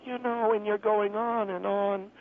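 A man's voice: high voice, fairly even intonation, unhurried, voice pushed up. A man voicing an elderly woman caller, fussy and indignant, who pleads, repeats herself and sounds exasperated. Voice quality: creaky, gravelly. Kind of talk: radio prank call. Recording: tinny phone line with faint hiss.

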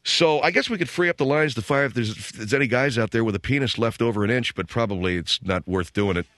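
A middle-aged man hosting a radio call-in show, telling stories in an animated, rambling way from a studio. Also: medium pitch, fast talker, dry recording. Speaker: radio talk show host.

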